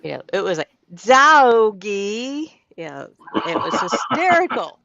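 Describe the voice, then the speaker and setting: A woman's voice: on the low side, huge pitch swings, moderate pace, gravelly, a bit bright, highs cut off, a little hiss or hum. A woman telling amused stories about her daughter in casual chat. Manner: amused storytelling with laughs. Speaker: mother, festival performer.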